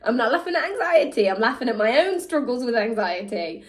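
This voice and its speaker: A woman talking candidly to camera, animated, slipping into mock voices and laughing at herself. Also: on the high side, fairly quick. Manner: animated, switches into mock voices when quoting people; laughs at herself mid-sentence. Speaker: vlog host.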